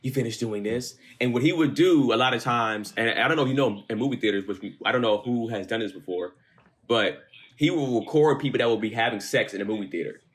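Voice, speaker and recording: A young man with a mid-pitched voice tells work stories on a podcast. He talks in a laid-back, blunt way and swears freely. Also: quick pace, fairly bright tone. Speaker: podcast co-host. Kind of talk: casual storytelling chat.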